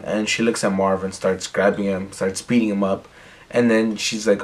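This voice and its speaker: Young man recapping casually, lowish voice. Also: fairly even intonation, normal speed. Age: young adult. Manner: rambling, filler-heavy retelling. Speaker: recap vlogger.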